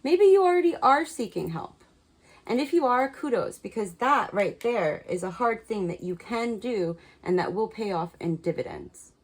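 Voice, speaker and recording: A woman's voice: mid-range voice, expressive, measured pace, slightly rough, low-quality recording. A woman reading cards and giving frank spiritual advice to her viewers, swearing freely and repeating words for emphasis. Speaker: tarot card reader. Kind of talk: casual spiritual guidance to camera.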